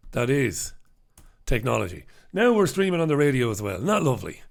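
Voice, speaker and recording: A man's voice: mid-range voice, big pitch swings, a little fast, vocal fry. A middle-aged man hosting a casual live stream from a home studio, chatty and self-mocking. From Ireland. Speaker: host.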